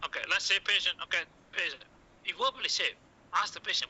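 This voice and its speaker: Speaking fast and animated in a high-pitched, husky, pushed and bright voice, a male medical communication teacher lectures a class on telling patients bad news. He uses short coaching lines, keeps repeating "okay," and plays the doctor's role aloud. The recording is rough.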